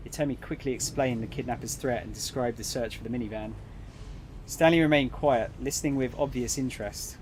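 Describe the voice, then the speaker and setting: A man reading a visual novel aloud on his stream, narrating in a plain, middle-pitched voice. Now and then he breaks off for casual, jokey asides. A faint hiss sits behind him. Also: a little fast.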